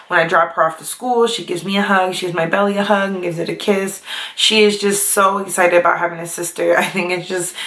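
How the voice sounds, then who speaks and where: A woman's voice: lowish voice, a bit bright. A young adult woman chatting casually to camera as a vlogger, full of fillers and laughs. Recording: echoey room.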